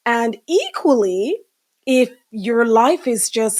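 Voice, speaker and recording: A woman's voice: a little high, unhurried. Chatty middle-aged woman hosting a podcast. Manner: chatty, warm asides, many fillers. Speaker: podcast host. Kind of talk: live casual chat.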